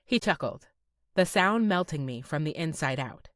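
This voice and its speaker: A woman reading a first-person romance audiobook in a soft, dreamy manner, close to the mic. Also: sits low, lively intonation, moderate pace, dry recording. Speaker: audiobook narrator. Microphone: close studio mic.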